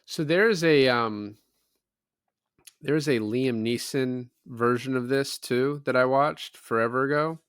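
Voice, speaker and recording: A man's voice: medium pitch, slow pace, a bit bright, clear, resonant tone, no room sound, studio quality. A man co-hosting a casual podcast, animatedly retelling a film's plot and quoting characters in offhand voices. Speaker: podcast co-host. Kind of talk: casual chat.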